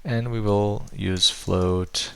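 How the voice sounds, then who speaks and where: A man's voice: lowish voice, steady tone, drawn-out words, vocal fry, clear, resonant tone. A man walking through code step by step in a tutorial, thinking aloud with frequent fillers and restarts. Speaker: programming tutor. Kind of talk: screen-recorded coding tutorial.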